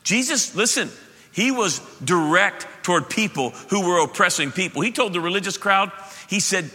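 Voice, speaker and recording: Impassioned male pastor, bright tone. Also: high-pitched, sing-song, a little slow. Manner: impassioned, emphatic preaching that swings from loud to soft. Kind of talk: sermon. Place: church sanctuary. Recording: reverberant church hall.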